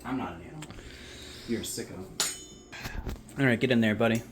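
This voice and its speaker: A man co-hosting a casual cooking video, making crude deadpan jokes while tasting food in a home kitchen. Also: mid-range voice, brisk, a little hiss or hum. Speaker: cooking show co-host.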